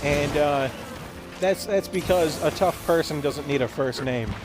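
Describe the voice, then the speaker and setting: A man hosting a gaming video, telling a rambling, absurd story in a deadpan way and acting out quoted lines in voices. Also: on the high side, unhurried, over music. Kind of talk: rambling comedic monologue while gaming.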